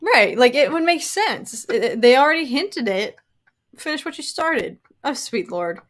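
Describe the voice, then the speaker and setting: An American woman co-hosting a casual livestream chat, excitable and quick to laugh as she talks to her viewers. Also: high voice. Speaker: livestream co-host.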